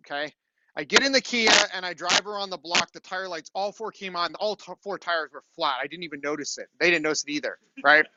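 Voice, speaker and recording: A man's voice: sits high, lo-fi sound, background noise. A middle-aged man, a university lecturer, telling a story in a classroom lecture and often asking "okay?". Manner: chatty storytelling, frequent "okay?" check-ins.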